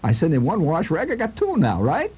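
Man doing an excited chatty housewife mother. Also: fairly high pitch, a little fast, a little hiss or hum, voice pushed up. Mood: eager.

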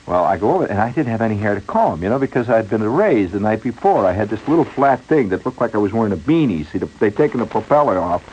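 A man telling a rambling comic story in an exasperated, animated way, on a dull lo-fi radio recording. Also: lowish voice, fast, hardly any pauses, a little hiss or hum.

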